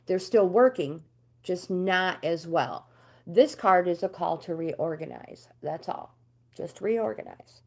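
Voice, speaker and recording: A woman's voice: lowish voice, dark tone. Chatty older woman reading tarot live. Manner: chatty, reads card meanings aloud, answers viewers by name. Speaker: livestream host reading tarot cards. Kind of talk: casual livestream chat with tarot readings.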